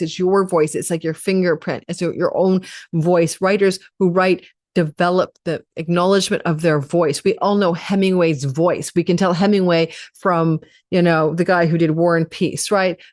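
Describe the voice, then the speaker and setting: Low-voiced chatty woman astrologer. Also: darkish tone, no room sound, studio quality. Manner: chatty, rambling, digressive with laughs. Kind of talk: casual astrology forecast.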